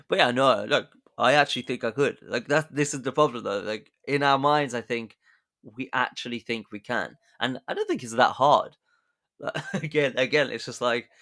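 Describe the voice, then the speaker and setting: A man's voice: medium pitch, animated, normal speed, creaky, bright, forceful tone. Guy podcasting, casual storytelling, jokey, laughs at his own bits. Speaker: podcast host.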